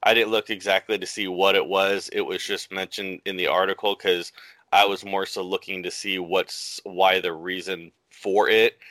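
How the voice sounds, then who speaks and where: A podcast co-host chats casually, rambling with lots of fillers. His low, fairly bright voice barely moves in pitch, and he speaks at a moderate pace in a dry recording.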